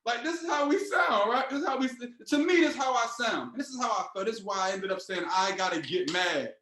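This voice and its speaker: A man and team leader giving an energetic, repetitive motivational talk on a team call. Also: extremely high pitch, quick pace, reverberant. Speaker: team leader and trading mentor.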